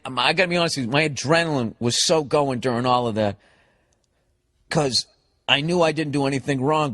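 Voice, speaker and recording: A man tells a story in a podcast rant, with a voice a little higher than most men's. He swears constantly, acts out the other people's lines and breaks into laughs along the way. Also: fairly bright tone. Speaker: comedian on his podcast. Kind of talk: profane comedic storytelling rant.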